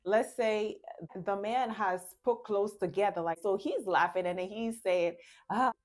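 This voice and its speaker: A woman's voice: mid-range voice, steady tone, a little slow, a little mellow. A woman giving relationship advice in a casual talk, laughing often and acting out small scenes between a couple.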